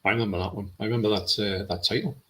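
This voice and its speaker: A man with a low voice, co-hosting a casual film chat live stream and reading out viewer comments. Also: steady tone, very fast, a bit bright. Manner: chatty, reads out viewer comments.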